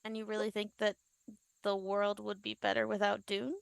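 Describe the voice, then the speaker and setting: A woman's voice: mid-range voice, completely flat delivery, normal speed, gravelly, clear, resonant tone, no room sound, studio quality. A woman playing a tabletop game, asking stammering questions. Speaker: player. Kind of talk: tabletop role-play.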